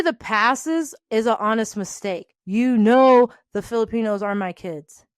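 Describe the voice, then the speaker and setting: A woman in her thirties hosting a podcast, telling a work story in a loud, animated way and acting out the other people in it. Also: mid-range voice, no room sound, clean studio sound. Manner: loud, animated, acts out quoted voices. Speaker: podcast host. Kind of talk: casual storytelling rant.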